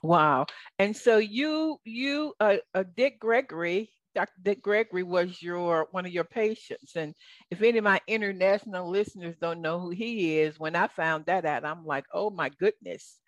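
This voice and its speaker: A woman's voice: fairly low pitch, moderate pace, dry recording, muffled recording. A woman with a Southern accent hosting a radio interview, chatty and enthusiastic. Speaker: radio show host.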